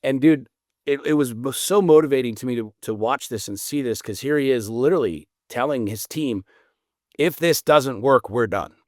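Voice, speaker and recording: Man, podcast guest, animated and profane storyteller, mid-pitched voice, dry close sound. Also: brisk, no echo. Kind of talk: casual podcast conversation.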